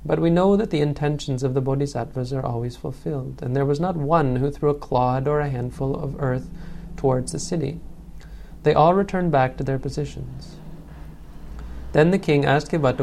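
A man reading an old legend aloud as a storyteller, in a measured, solemn way. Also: mid-range voice, creaky, warm tone.

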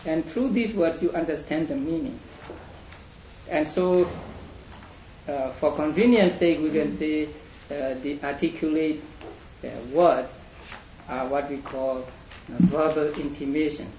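A man lecturing a class in an unhurried, halting way, often repeating words and pausing on fillers. His voice sits a little high for a man and is very slow. It carries around an echoey room with a faint hum underneath. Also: warm tone. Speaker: teacher.

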